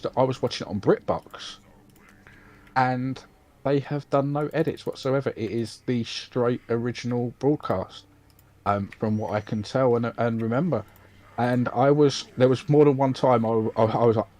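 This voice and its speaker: A British man co-hosting a podcast in casual chat, halting and full of ums and restarts. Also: mid-range voice, a little mellow, low-quality recording. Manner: hesitant, lots of ums and restarts. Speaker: podcast co-host.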